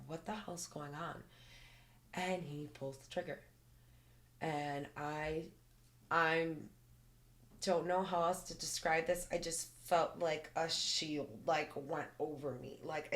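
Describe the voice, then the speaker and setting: Low-voiced woman telling a personal story. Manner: earnest, detailed retelling with frequent "like" fillers. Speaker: podcast guest. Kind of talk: personal storytelling in a podcast interview.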